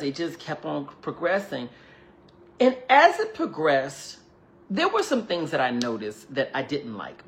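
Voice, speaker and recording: A man hosting a livestream, telling a personal story to viewers in a chatty, animated way, often acting out quoted dialogue and thanking people between lines. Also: a little high. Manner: chatty and animated, full of "like" and "you know". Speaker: livestream host. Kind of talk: casual storytelling to a live audience.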